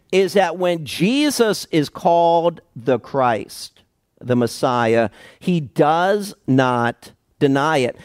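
A male pastor preaches at an unhurried, deliberate pace, his voice a touch high for a man, working slowly and emphatically through Scripture with dramatic pauses. Each key word gets weight and a measured pause. The recording is dry and close, with no echo.

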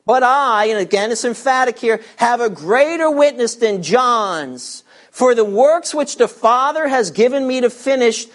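Emphatic preacher working through scripture. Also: male voice, very high-pitched. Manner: emphatic, rhetorical questions to the congregation. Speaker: pastor. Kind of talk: sermon.

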